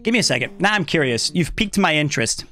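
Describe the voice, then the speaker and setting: A man's voice: on the high side, lively intonation, quick pace, sharp tone, faint music behind. A young man streaming live, chatting casually and thanking viewers in an upbeat way.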